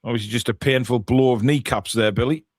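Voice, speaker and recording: Speaking in a brisk, mid-range voice, this man co-hosts a live football watchalong. His commentary is chatty play-by-play with jokey asides, and the clean studio recording carries no room sound.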